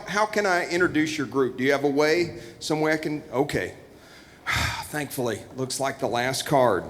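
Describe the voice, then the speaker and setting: A man emcees a church Christmas show from the stage, playing flustered as he reads cards aloud. His voice sits a little high. The sound rings with long reverb in a big auditorium. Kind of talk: comedic stage hosting.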